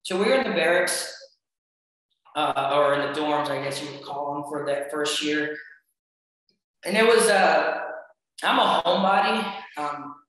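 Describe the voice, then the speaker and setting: A wrestling coach tells stories from his youth in a relaxed, rambling way, full of "um" and restarts. His voice is bright and slightly high for a man. The room around him is strongly echoey. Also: a little slow, pauses often. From United States. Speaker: wrestling coach and podcast guest. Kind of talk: casual interview storytelling.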